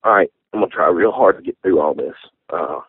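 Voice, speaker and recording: A man, telling a personal testimony in an interview, halting and heartfelt, with many fillers. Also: low-pitched, creaky, breathy edge, dry recording. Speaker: interview guest. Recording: tinny phone-like sound.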